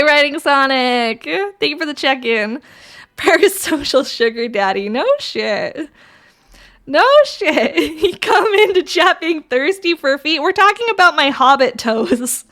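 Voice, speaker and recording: Bright high-voiced woman streamer. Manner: crude, giggly, banters with chat. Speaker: VTuber streamer. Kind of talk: casual livestream chat.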